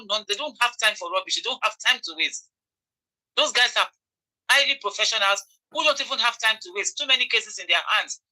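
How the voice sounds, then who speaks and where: A woman's voice: on the high side, sharp tone, poor audio. A Nigerian woman giving impassioned commentary, repeating phrases for emphasis and pleading with her audience. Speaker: online commentator.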